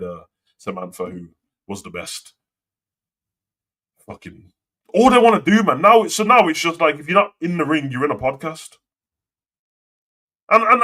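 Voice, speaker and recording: A man's voice: medium pitch, sharp tone. A young man hosting a live wrestling talk show, ranting and swearing in casual slang. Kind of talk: casual live commentary and rant.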